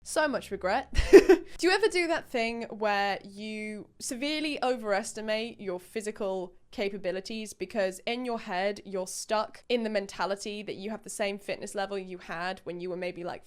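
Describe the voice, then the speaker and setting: A woman's voice: medium pitch, roomy sound. A woman in her twenties, vlogging casually and mocking herself with frequent laughs. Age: 20s. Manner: chatty, self-mocking, laughs often. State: out of breath while exercising. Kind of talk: casual vlog commentary. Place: home room during a workout.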